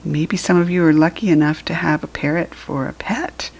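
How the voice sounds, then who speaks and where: A woman reading a children's picture book aloud in a gentle manner, talking straight to young listeners and often dropping into a whisper. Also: low-pitched, fairly even intonation, normal speed, hardly any pauses, poor audio.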